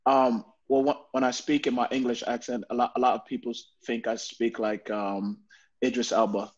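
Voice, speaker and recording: Podcast guest: a man, husky, high, swooping delivery, casual animated storyteller, lo-fi mic. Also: moderate pace. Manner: animated storyteller, repeats words while building a story. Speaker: podcast guest, football player.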